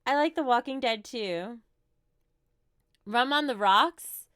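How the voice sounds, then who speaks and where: A woman's voice: on the high side, slow, fairly bright tone, clean tone, no echo, studio quality. A woman in her thirties with a New Jersey accent, chatting casually on a livestream as she answers viewer questions with light laughs. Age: 30s.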